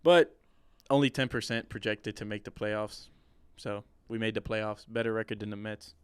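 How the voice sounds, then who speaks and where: Low, flat-voiced young man chatting sports. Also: moderate pace, smooth, dry recording. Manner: enthusiastic, rambling with restarts. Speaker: podcast co-host. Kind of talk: casual sports chat.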